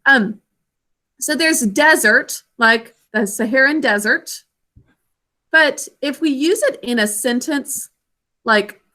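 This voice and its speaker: Woman teacher doing phonics with kids, slow careful talk, bright tone. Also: high voice. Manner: patient, sounds out words clearly. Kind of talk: literacy lesson for children.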